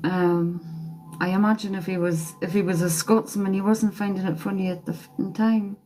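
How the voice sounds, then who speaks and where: A woman's voice: mid-range voice, little pitch movement, normal speed, mellow, faint music behind. A woman working as a psychic medium on a live stream, chatting with viewers and relaying messages, laughing often. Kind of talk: live-stream spirit reading. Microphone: phone or webcam for a live stream.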